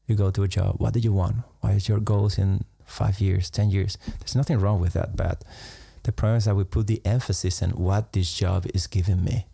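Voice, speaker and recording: Low gravelly guy, slow musing meditation talk, little laughs. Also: little pitch movement, no room sound, clean studio sound. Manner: unhurried, musing, laughs softly between thoughts. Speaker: meditation teacher. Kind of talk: reflective live-stream talk.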